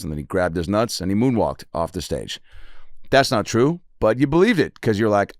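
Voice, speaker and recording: A man around forty, a comedian hosting his podcast alone, rambling through profane stories and jumping into quick character voices. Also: fairly low pitch, sing-song, dry recording, studio quality. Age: 40s. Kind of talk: solo comedic storytelling.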